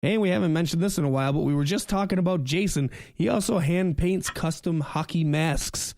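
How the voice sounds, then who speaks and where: A man's voice: on the high side, fairly quick, no room sound, clean studio sound. A man co-hosting a podcast, joking around in casual chat and reading sponsor spots. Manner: animated, joking banter. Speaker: podcast co-host.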